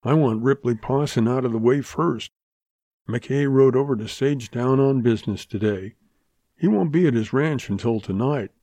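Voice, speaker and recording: A man voicing a scheming, ruthless saloon owner and rancher in a Western audiobook, gruff and blunt. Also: medium pitch, normal speed, mellow, no room sound, close to an everyday voice.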